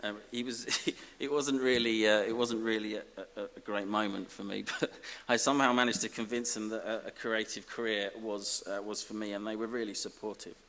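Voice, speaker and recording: A man from giving a self-deprecating, comic acceptance speech as an honorary graduate, halting over fillers. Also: on the low side, fairly even intonation, a bit bright. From Essex, England. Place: large ceremony hall. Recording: reverberant hall with faint hiss.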